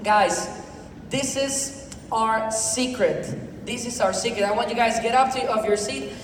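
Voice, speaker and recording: A man with a high voice delivers an energetic seminar talk in halting non-native English. His words ring through a long reverberant hall, picked up from a distance with a steady background noise. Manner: energetic, repetitive, peppered with "you know". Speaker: speaker at a sales event. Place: event hall with audience. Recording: echoey hall from far off, noisy.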